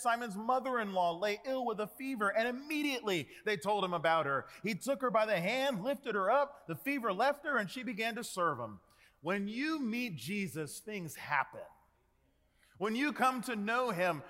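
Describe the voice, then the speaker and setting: A man preaching a sermon, animated, acting out quoted voices and dropping to hushed tones. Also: sits high. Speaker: pastor. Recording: long hall reverb.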